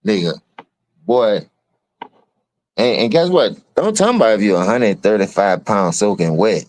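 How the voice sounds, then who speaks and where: A man with a New Orleans accent streaming an unscripted, profane rant to his listeners. He keeps calling them dog and bro, and he swings between low mutters and sudden high outbursts. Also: lively intonation, moderate pace, darkish tone. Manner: repeats words, addresses listener as dog and bro. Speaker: streamer giving a spoken open letter.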